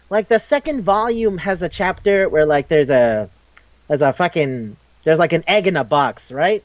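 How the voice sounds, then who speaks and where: A man's voice: high voice, big pitch swings, normal speed, no room sound, muffled recording. A man co-hosting a podcast in casual chat, rambling loosely with lots of "like", swearing freely and acting out quoted lines as he retells a story. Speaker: podcast co-host.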